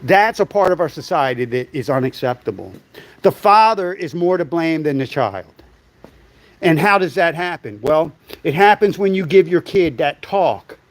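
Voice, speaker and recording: A man's voice: a little high, animated, normal speed, no echo. A middle-aged man hosting a livestream, giving a blunt, profane opinion monologue and telling stories from his childhood. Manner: blunt and profane, storytelling with acted quotes. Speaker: livestream host.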